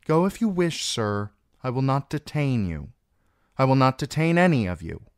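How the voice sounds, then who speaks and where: A man's voice: medium pitch, sing-song, measured pace, no room sound, clean studio sound, pitched above the performer's own voice. A man voicing a young queen who speaks with bitter, resolute command in an audiobook reading. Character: young grieving queen, woman, proud and commanding.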